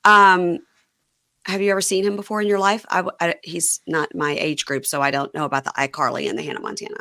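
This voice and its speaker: Bright, low-voiced woman hosting. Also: level tone. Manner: chatty, wry, recaps quickly. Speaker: podcast host. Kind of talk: casual chat.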